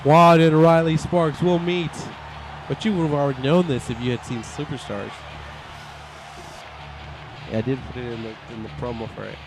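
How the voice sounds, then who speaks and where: A man giving excitable play-by-play commentary over a wrestling video game and voicing the wrestlers' thoughts in quick asides. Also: a little high, over music. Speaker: gameplay commentator.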